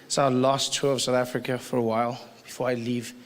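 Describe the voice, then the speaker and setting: A man doing a stand-up comedy set, animated and joking, slipping into quick put-on voices. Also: medium pitch. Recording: live hall recording with audience noise.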